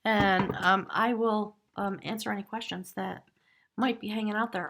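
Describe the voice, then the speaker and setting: A woman hosting a tarot live stream from her home, musing earnestly and spiritually in a casual way, sometimes dropping to a hushed aside. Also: mid-range voice, steady tone, normal speed. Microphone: device camera.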